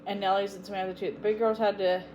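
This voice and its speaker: Woman reader, storybook narration, expressive and emphatic, mid pitch. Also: quick pace, muffled recording, a little hiss or hum. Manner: expressive, emphatic, tender at sad parts. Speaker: audiobook reader, channel host. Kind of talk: storybook reading aloud.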